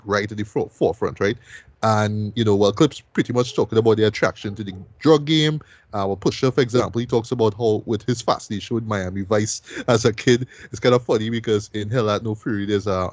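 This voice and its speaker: Man, low voice, casual album review host, chatty, dry close sound. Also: dry recording, dull audio. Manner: loose and chatty, tags "right?" onto most sentences. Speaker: host of a music review show.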